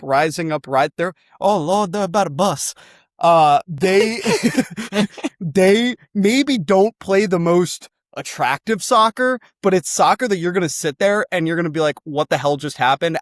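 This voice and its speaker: Excitable young man with a dry voice. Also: fairly high pitch, no echo. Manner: excitable, rambling, swears freely. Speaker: co-host pitching a football club. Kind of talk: comedic sales pitch.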